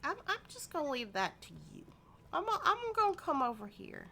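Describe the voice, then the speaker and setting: A woman's voice: high voice, sing-song, a little fast, bright, forceful tone, faint music behind. A young woman streamer giving playful, chatty commentary as she plays, often talking to the game itself. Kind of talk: casual gameplay commentary.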